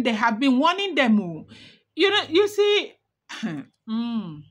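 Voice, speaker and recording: A woman's voice: fairly high pitch, big pitch swings, unhurried. A woman narrating celebrity gossip in a dramatic, repetitive, emphatic way.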